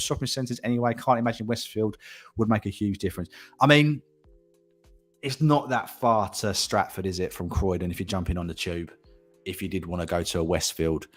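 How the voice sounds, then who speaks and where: A man hosting a casual property livestream, chatting and reading out viewer comments, often repeating himself and laughing. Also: mid-range voice.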